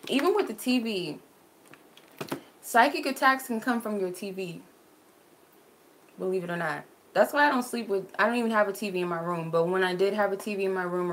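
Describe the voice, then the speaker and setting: There's a little hiss or hum behind a medium-pitched woman's voice as she chats on a livestream. She's a spiritual reader from Arizona answering viewers, laughing easily and leaning heavily on "like" as a filler.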